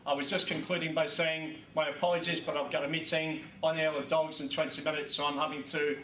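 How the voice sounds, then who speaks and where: A man with a London accent addresses a launch crowd, rambling genially and pausing often on ums. His voice is bright and a touch high. It is recorded from a distance in a large, echoing hall. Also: flat delivery, slight background noise. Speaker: government minister giving a speech. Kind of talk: formal speech at a press launch. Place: large echoey event hall. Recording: echoey hall, speaker off-mic.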